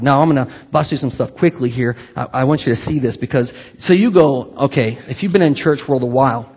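A man's voice: fairly high pitch, a little mellow, slightly rough. A man preaching a sermon to his congregation, talking conversationally with asides and direct questions to the listeners. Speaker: pastor. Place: church hall with congregation. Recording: echoey hall, slightly dull sound.

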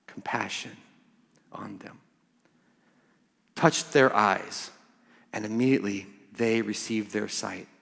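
A man preaching a sermon as pastor, emphatic and swinging from hushed words to loud ones. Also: fairly high pitch. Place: church. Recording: church hall reverb.

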